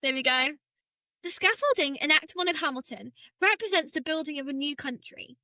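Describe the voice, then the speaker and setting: A woman's voice: high voice, animated, fairly quick, sharp tone, no room sound. A woman co-hosting a podcast, chatting casually with lots of "like" fillers. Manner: chatty, many "like" fillers, laughs often. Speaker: podcast co-host. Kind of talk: casual chat.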